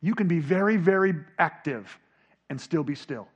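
A man preaching a sermon, dropping to a hush and then rising to near shouts as he acts out scripture. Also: fairly high pitch, expressive, normal speed, breathy edge, muffled recording. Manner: dramatic, swinging from hushed to shouting. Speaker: pastor.

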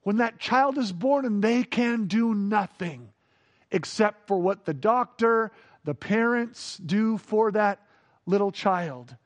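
A man preaching a sermon, moving from hushed awe to playful, animated emphasis. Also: high voice, slow. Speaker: pastor.

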